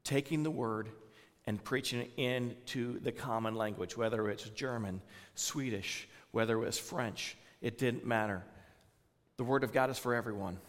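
Southern pastor in a reverberant church. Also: male voice, medium pitch, normal speed. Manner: conversational, many fillers, asks the congregation questions. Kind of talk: informal sermon to a congregation.

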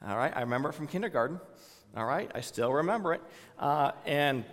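A man's voice: a little high, lively intonation, fairly quick, in a large hall. A man with a Southern US accent giving an informal sermon, talking conversationally with many fillers and putting questions to the congregation. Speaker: pastor.

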